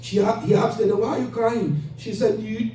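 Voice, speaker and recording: A man's voice: sits high, fairly even intonation, moderate pace, warm tone, a little hiss or hum. A man preaching a mosque sermon, telling moral stories and acting out the voices of the characters in them. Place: mosque hall. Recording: echoey hall recording from far off.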